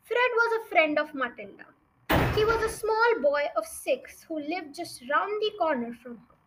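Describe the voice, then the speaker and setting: A woman's voice: extremely high pitch, lively intonation, measured pace, very noisy. A young woman reading a children's novel aloud as a storyteller, with chatty asides to her listeners.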